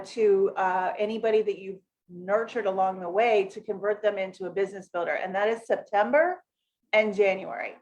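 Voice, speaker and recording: A woman's voice: medium pitch, a little mellow, a little hiss or hum. A middle-aged woman from the United States hosts a casual live session as a business coach, rambling with lots of fillers and self-corrections and greeting viewers by name. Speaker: network marketing coach hosting a live session. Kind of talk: casual livestream talk to viewers.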